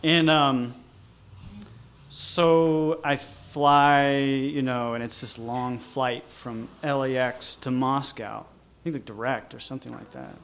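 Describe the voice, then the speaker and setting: This slow-speaking man has a medium-pitched, slightly bright voice with a steady tone and vocal fry. He rambles through a personal anecdote, leaning heavily on "like" and "you know" and often starting over.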